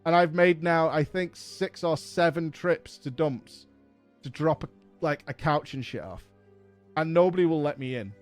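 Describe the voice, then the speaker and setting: A man streaming a game from home, telling a story in a casual, animated, exasperated way and swearing often. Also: a little high, normal speed, soft background music.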